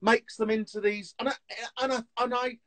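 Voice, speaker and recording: Man, high voice, chatty storyteller, animated, live video call on a phone. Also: normal speed, rough recording. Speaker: TV antiques dealer, guest.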